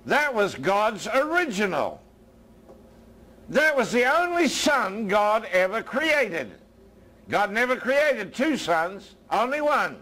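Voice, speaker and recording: An American man preaching a sermon as a minister, his voice dropping low and soft and then rising again. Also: big pitch swings, takes it slowly.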